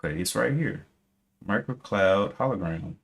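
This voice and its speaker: A man's voice: lowish voice, lively intonation, normal speed, gravelly. A man streaming live day trading, casually thinking aloud, reading out viewer comments and correcting himself as he checks charts.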